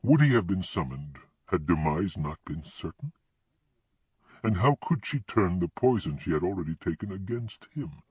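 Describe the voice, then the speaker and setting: A man narrating a fantasy audiobook in an expressive reading style. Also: deep voice, normal speed, husky, no room sound. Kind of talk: scripted narration. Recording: dull lo-fi recording.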